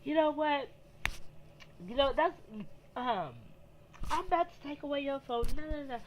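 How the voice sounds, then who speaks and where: A woman's voice: high-pitched, a little slow, noisy background, voice pushed up. A woman voicing her scolding, nagging mother in a storytime vlog.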